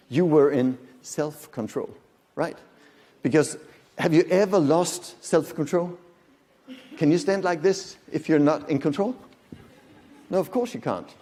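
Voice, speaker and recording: Speaking with a fairly high pitch and a dark tone, a man in his fifties lectures live in a large conference hall. He keeps it conversational, joking and putting questions to the audience, and the room adds long hall reverb.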